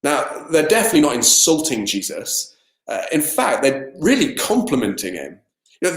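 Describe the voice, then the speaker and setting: A man preaching a sermon as assistant minister, in a conversational style full of fillers and lively asides. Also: fairly high pitch. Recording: echoey room.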